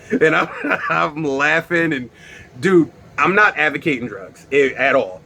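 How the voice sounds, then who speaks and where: A young man telling a wild story on his vlog in a casual, animated way, swearing and bursting into loud exclaims. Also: a little high, measured pace, a little hiss or hum. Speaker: vlogger.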